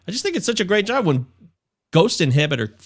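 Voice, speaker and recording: A man's voice: sits high, sing-song, quick pace. A man hosting a film podcast, giving opinionated, jokey takes in casual chat. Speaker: podcast co-host.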